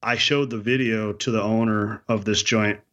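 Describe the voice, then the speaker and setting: A man with a bright, forceful voice, chatting casually and telling stories in an animated, slangy way. The recording sounds dull and lo-fi. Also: lowish voice, normal speed. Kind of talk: casual chat.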